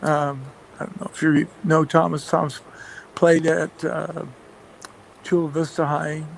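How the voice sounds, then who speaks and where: The gravelly, somewhat high-voiced football coach and play caller tells casual radio-interview stories about his staff a little slowly and in a flat, even pitch. He chuckles a lot, rambles, and leans on fillers and restarts. The rough recording carries a faint hiss.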